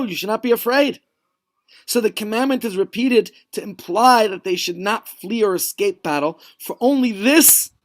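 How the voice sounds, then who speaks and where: A man teaching a Torah study lesson at home, telling stories vividly with many restarts and asides. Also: sits high.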